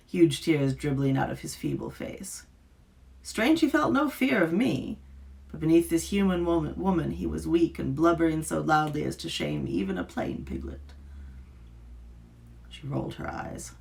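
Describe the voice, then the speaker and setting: Woman author, live reading; gravelly, lively, dramatic delivery. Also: low voice, normal speed.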